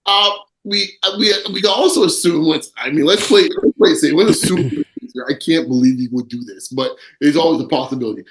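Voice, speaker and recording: A man hosting a casual basketball podcast, talking quickly with lots of asides and frequent laughs. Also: fairly high pitch, reverberant, noisy background. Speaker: podcast host. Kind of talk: casual sports chat.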